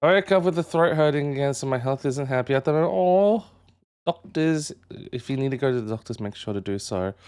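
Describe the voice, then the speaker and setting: A man's voice: mid-range voice, brisk, clear, resonant tone. A man streaming live, chatting casually with his viewers and greeting chat members one by one. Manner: animated, jumps up into excited yelps.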